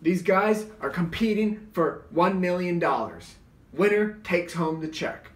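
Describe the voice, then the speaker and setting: A man's voice: sits high, animated, a little slow, voice pushed up. Man doing a leering old male host. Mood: announcing loudly. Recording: roomy echo, distant mic.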